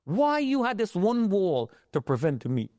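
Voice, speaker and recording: A man's voice: high voice, huge pitch swings, measured pace, a little mellow, no room sound, studio quality. A middle-aged man telling his own survival story in an emotional, dramatic way, rising into pleading outbursts. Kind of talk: personal testimony.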